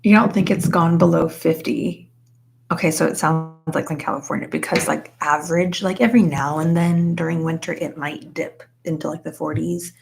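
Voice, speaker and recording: Young woman, low voice, vocal fry, casual live stream chat, crocheting, chatty with lots of fillers. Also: steady tone, moderate pace. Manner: chatty, says "like" a lot, reads out chat names.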